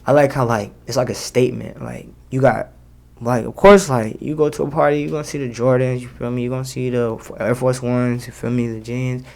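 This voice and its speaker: A young rapper, a guest in an interview, talks casually and loosely, full of slang and fillers. His medium-pitched voice is steady in tone, brisk, creaky, and a little mellow.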